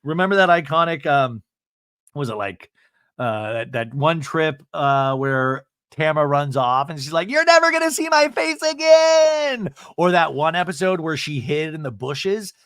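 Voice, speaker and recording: Male recap host, animated, bright, dry close mic. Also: a little high, normal speed, no room sound. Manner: animated, chatty, acts out quotes. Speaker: podcast host. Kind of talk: comedic reality TV recap.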